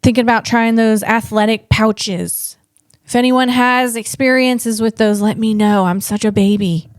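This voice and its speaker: Slow, chatty woman comedian. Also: on the high side, steady tone, no echo, clean studio sound. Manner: rambling, self-deprecating, chuckles at own jokes. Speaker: podcast host and comedian. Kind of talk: casual solo chat.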